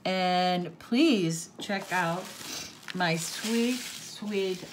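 A woman's voice: on the low side, takes it slowly, slight background noise. An older woman hosting a crafts vlog, gushing and exclaiming as she opens gifts on camera. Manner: gushing, exclaiming, easily moved. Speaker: crafts channel host. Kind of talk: casual unboxing vlog.

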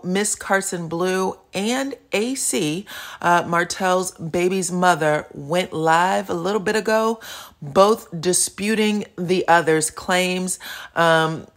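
A woman hosting a gossip commentary channel, chatting casually and recounting social media posts with asides. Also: fairly low pitch.

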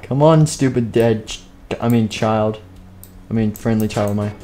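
A man's voice: on the low side, moderate pace, warm tone, slight background noise. A man narrating a game live stream, jumping between plain storytelling and playful character voices.

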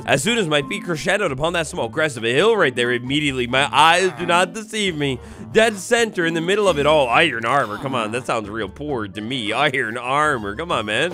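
A man's voice: on the high side, expressive, fairly quick, bright, forceful tone, faint music behind. A young man giving playful, theatrical commentary while playing a survival video game, talking to the animals and villagers he meets. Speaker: gaming YouTuber. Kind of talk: Minecraft let's play commentary.

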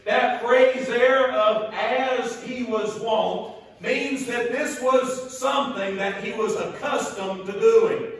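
A man with a Southern US accent preaching a sermon in a church, slow and emphatic, repeating key phrases for weight. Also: extremely high pitch. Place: church sanctuary. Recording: echoey church from far off.

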